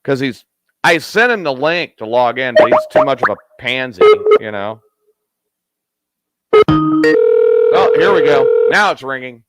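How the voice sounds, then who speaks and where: Excitable, raunchy man hosting a show. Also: mid-range voice, normal speed, loud music behind the voice. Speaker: host. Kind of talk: casual crude live-show chat.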